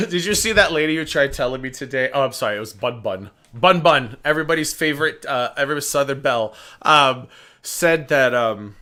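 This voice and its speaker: A man hosting a casual reaction stream, profane, swinging between muttered asides and loud outbursts. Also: mid-range voice, fairly quick. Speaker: drama channel host.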